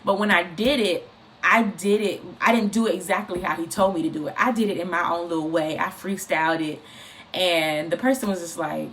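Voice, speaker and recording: A woman giving an informal, encouraging faith talk, speaking in an animated, repetitive, conversational way. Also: medium pitch, moderate pace, slight background noise. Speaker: inspirational speaker.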